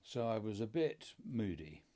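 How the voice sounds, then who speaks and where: A middle-aged father from England telling family stories in a measured, dryly humorous way. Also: on the low side, big pitch swings, warm tone. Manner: dry understated humour, measured storytelling. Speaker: podcast co-host, father. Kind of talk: casual conversation.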